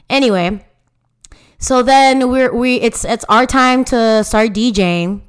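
A woman's voice: high-pitched, moderate pace, smooth. A young woman, co-host of a casual chat podcast, animatedly retelling a story with lots of fillers and quoted voices.

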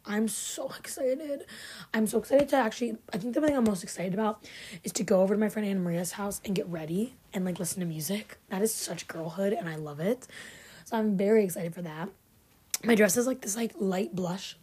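A woman's voice: medium pitch, a little mellow, breathy edge. A woman in her twenties hosting a podcast in casual chat, rambling and chatty with plenty of "like". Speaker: podcast host.

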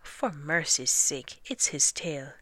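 A woman's voice: sits low, lively intonation, slow, pushed and bright, no echo, full character voice. A woman reading a storybook aloud and voicing a plucky young peasant girl with folksy, dryly doubtful replies. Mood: wry.

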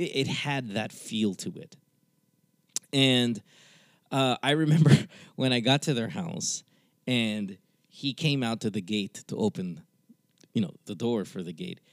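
A man's voice: medium pitch, no echo, clean studio sound. A man in his thirties from the Philippines, a podcast host telling a candid personal story, swearing and acting out the people in it. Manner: candid, swearing, animated retelling with quoted voices. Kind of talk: casual storytelling.

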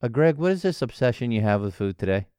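Male podcast host, lively up-and-down delivery, jokey, dry close sound. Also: medium pitch, fast, smooth, dry recording. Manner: playful, jokey, animated. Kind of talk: casual solo podcast monologue.

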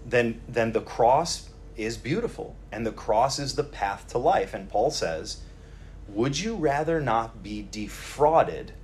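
Animated conversational male preacher. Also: mid-range voice. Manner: conversational, animated, acts out quoted lines; many restarts and repeated words. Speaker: preacher teaching a Bible series. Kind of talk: sermon.

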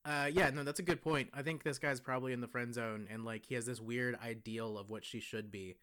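A man's voice: mid-range voice, fairly even intonation, fairly quick, fairly bright tone, clear, resonant tone. A young man co-hosting a podcast, talking in an easygoing, rambling way that often trails off. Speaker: podcast co-host. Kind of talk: casual podcast chat.

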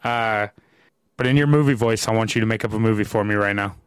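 A man's voice: on the low side, fast, clear, resonant tone, no echo. A man hosting a casual podcast interview, asking questions loosely, laughing often and swearing freely. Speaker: podcast host.

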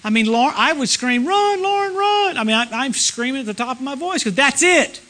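A middle-aged guest preacher delivers a sermon at a church service, speaking a little fast. He is animated, swinging between loud exclamations and low murmurs.

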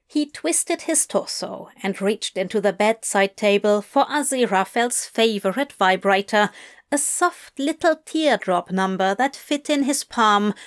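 A woman narrating a romance story in an unhurried, expressive reading voice. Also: medium pitch. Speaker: story reader. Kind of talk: audiobook narration of fan fiction.

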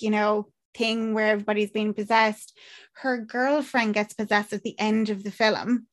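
A woman with an Irish accent chatting casually as a podcast co-host, rambling with lots of fillers and acted-out quotes. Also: fairly high pitch. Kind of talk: casual chat recapping a film.

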